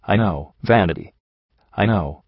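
A man's voice: on the low side, expressive, measured pace, vocal fry, no echo, full character voice. A man reading a grieving, bitter pegasus mare. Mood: hurt, bitter. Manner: bitter, pained. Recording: dull lo-fi recording.

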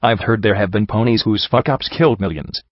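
A man voicing a tough, battered young female pony mercenary who talks gruffly and bluntly, with a lot of swearing. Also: on the low side, brisk, no room sound, lightly acted. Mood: wry. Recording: dull lo-fi recording.

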